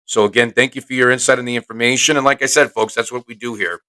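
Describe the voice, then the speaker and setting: A man's voice: mid-range voice, steady tone, fast, bright, forceful tone, low-quality recording. A man hosting his podcast as a realtor, talking in a brash, chatty, salesy way. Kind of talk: casual solo podcast talk.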